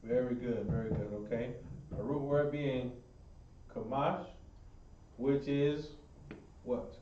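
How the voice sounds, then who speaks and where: A man's voice: mid-range voice, fairly even intonation, slow, dark tone. A man teaching a Hebrew language class, repeating his praise and encouraging students. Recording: echoey room, far mic, muffled.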